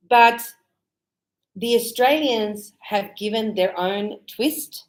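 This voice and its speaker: Slow, clear woman teaching English. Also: fairly high pitch, poor audio. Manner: slow, clear, explaining with acted greetings. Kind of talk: classroom English lesson. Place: Australia.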